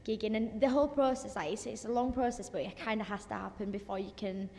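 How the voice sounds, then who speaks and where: A woman's voice: mid-range voice, fairly even intonation, fast talker, vocal fry, a little mellow, a little hiss or hum. A young woman, a singer talking casually in an interview, chatty with many fillers and restarts. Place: office space. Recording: long reverb in an office space.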